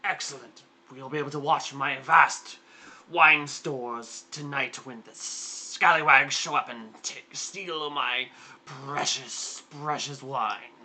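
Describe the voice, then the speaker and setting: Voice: mid-range voice, slow pace, sharp tone, exaggerated voice, rough recording. A performer voicing a short, portly, jovial older duke who gushes and repeats himself. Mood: fussing. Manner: effusive, repeats words.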